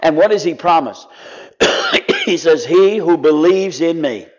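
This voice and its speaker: A man preaching a sermon with passion, sometimes sinking to a soft, pleading voice. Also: on the high side, huge pitch swings, a little slow. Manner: impassioned, drops to soft pleading. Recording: dull lo-fi sound.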